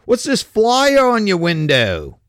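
A man's voice: high voice, steady tone, moderate pace, gravelly, darkish tone, dry recording, clean studio sound, pitched above the performer's own voice. A man voicing an eager, self-important British police officer, with an exaggerated put-on British accent. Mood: officious.

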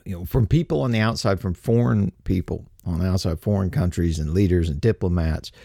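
A man's voice: low voice, brisk, vocal fry, warm tone, no echo, studio quality. A man giving a casual, sarcastic political rant and mocking others' voices. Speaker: political commentator. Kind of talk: casual opinion monologue.

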